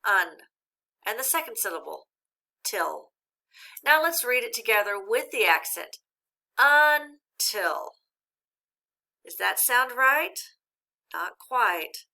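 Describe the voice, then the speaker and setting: A woman teacher giving a recorded reading lesson, speaking slowly and clearly and encouraging young learners. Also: on the high side, sing-song, bright, forceful tone.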